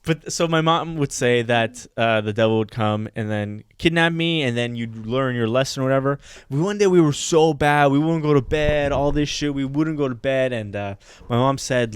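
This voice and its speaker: A man's voice: mid-range voice, moderate pace, clear, resonant tone, no echo, studio quality. A man co-hosting a comedy podcast, telling a story in loose casual chat with lots of swearing and laughter. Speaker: podcast co-host.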